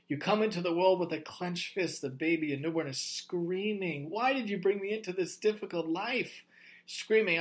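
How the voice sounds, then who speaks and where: Man giving an emphatic religious talk. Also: a little high. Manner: emphatic, repeats rhetorical questions. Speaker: Torah teacher.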